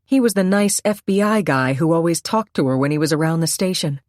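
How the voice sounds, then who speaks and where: A woman's voice: deep voice, a little fast, darkish tone, no room sound, clean studio sound. A woman narrating a suspense audiobook in a tense, dramatic reading.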